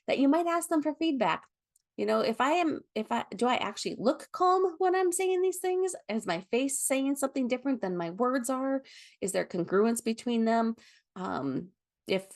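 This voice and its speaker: A woman teaching a foster parenting class in a gentle, explanatory way. She talks at a moderate, ordinary pitch, stopping now and then for an um or to correct herself mid-sentence. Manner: gentle, explanatory, with frequent ums and self-corrections. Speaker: foster care trainer. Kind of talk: training lecture.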